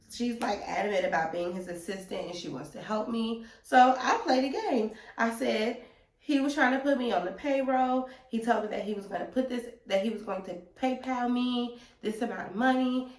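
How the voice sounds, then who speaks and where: A young woman telling a storytime to her viewers in an animated, slangy way. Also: a little high, normal speed, roomy sound. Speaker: vlogger. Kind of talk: storytime vlog.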